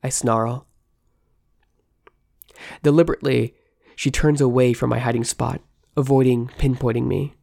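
A woman reading first-person fiction aloud in a tense, measured storytelling manner. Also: extremely low pitch, steady tone, creaky, mellow, no echo, clean studio sound. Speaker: narrator.

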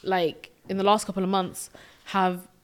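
A woman's voice: mid-range voice, little pitch movement, measured pace, clean tone. A young woman, chatting reflectively as a podcast co-host, with lots of filler words. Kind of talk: casual chat.

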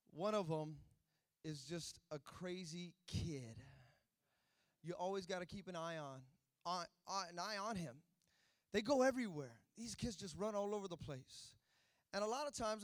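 A man preaching a sermon, telling a family story that builds into loud, emphatic preaching. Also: high voice, no room sound, studio quality. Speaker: pastor.

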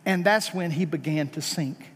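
A man preaching a sermon, talking conversationally with rhetorical questions and punching key lines with emphatic rises before dropping low. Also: moderate pace, slightly rough. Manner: emphatic, rising to high stressed peaks then dropping low. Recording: long hall reverb.

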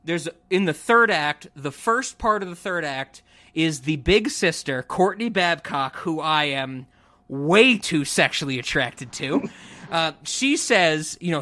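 Young male podcast co-host, high and bright, gushing and profane. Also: lively intonation, a little slow. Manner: gushing, enthusiastic, swears freely. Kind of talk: casual film discussion.

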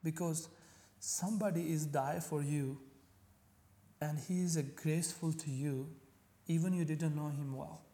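Mellow-voiced man, earnest testimony. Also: on the high side, steady tone, in a large hall. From Pakistan. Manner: earnest, halting non-native English with restarts. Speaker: guest. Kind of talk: personal faith testimony in conversation.

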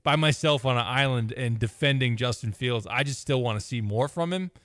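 A man's voice: medium pitch, brisk, fairly bright tone, dry recording. A man co-hosting a sports radio show, talking football in long analytical runs and making dry jokes. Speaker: radio co-host. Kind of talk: casual sports radio chat.

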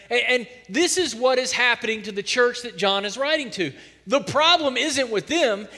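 A man preaching a sermon as pastor of his church, telling stories and driving home points with strong emphasis. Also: very high voice. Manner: animated storytelling preacher, emphatic. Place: church sanctuary. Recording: church hall reverb.

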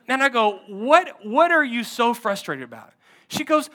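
Bright-voiced storytelling pastor. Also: male voice, very high-pitched, brisk. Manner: animated storyteller acting out a counseling story. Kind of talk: sermon storytelling.

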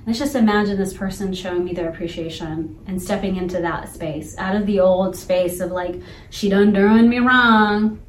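A woman coaching on emotional intelligence, chatting casually as a co-host and telling her story with animated, laughing energy. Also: on the low side, brisk, hardly any pauses, roomy sound, slight background noise. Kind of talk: casual chat.

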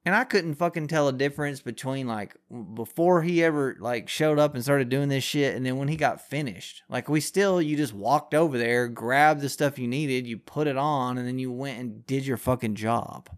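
A man ranting loosely on his podcast, his speech full of curses and the filler "like". He drifts from point to point in a casual, offhand way, at a middling pitch for a man. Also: normal speed, few pauses. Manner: profane, rambling, heavy use of filler "like". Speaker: podcast host. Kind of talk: casual rant.

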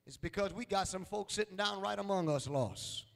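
High-voiced preacher shouting in a hall. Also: male voice, moderate pace, vocal fry. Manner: call-and-response preaching, repeats lines, rising to shouts. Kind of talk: sermon. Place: church sanctuary.

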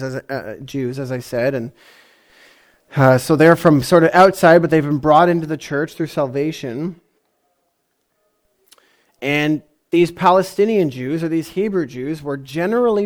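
A man preaching a sermon in a conversational way, often asking his congregation questions. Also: fairly high pitch. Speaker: pastor.

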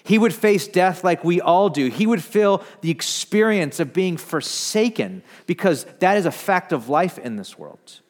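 A man's voice: lively intonation, unhurried, few pauses. Man preaching in a reverberant hall. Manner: swings from loud emphatic preaching to hushed low narration. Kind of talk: sermon.

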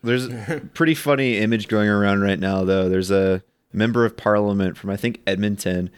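A man with an ordinary pitch sharing news items on a podcast, stumbling through ums and restarts. His voice sounds dry and close, with little room around it. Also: moderate pace, clear, resonant tone, dry recording. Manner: hesitant, many ums and restarts. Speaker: podcast co-host reading news. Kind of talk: casual news chat.

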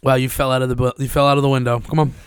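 A man's voice: mid-range voice, little pitch movement, rapid-fire, smooth, no echo, studio quality. A young man with a Brooklyn accent in casual, profane banter, teasing his friends and laughing often. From Brooklyn, New York. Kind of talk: casual chat.

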